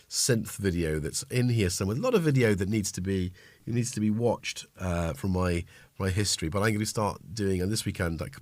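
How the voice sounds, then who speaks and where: A man with a lowish voice hosts a casual livestream from his home synth studio. He rambles cheerfully and cuts himself off mid-thought. The sound is dry and close, with little room echo. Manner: rambling, self-interrupting, chatty. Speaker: livestream host. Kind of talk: casual chat while playing synths.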